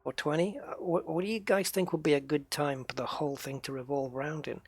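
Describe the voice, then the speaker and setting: An Englishman streams a space game and chats loosely with his viewers, thinking out loud between remarks. His voice sits a little higher than most men's. The recording is close and dry, with no room sound. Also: steady tone, brisk, husky, no echo. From United Kingdom. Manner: chatty, musing aloud to viewers. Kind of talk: casual live-stream commentary.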